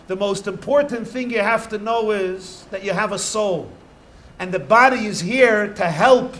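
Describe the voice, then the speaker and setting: A man, a rabbi, telling stories to children in an animated way, stretching key words for emphasis. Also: high voice. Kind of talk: storytelling talk to children.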